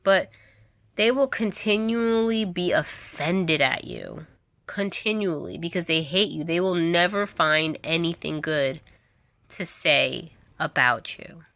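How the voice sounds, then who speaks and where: A woman's voice: on the low side, lively intonation, takes it slowly, fairly bright tone, no room sound. A woman vlogger giving an emphatic, candid monologue to camera. She often repeats herself and laughs now and then.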